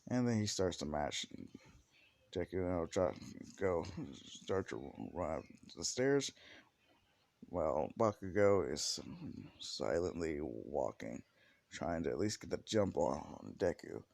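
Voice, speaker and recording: A man's voice: low-pitched, very animated, slow pace, creaky, pauses often, darkish tone, no room sound. A man casually telling a fan-fiction story in a rambling, profane way with frequent restarts.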